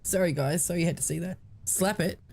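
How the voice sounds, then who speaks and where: A woman reacting to a game in quick, giggly commentary. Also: lowish voice, gravelly, mellow. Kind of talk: casual gaming commentary.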